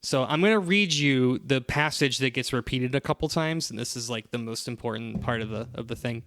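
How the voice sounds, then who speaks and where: A man's voice: mid-range voice, a little fast, few pauses, no echo. A man casually recapping a comic series on a podcast, rambling with lots of fillers and playful quoted lines. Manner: rambling, animated retelling with many fillers. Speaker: podcast host summarizing a comic. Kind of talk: casual chat.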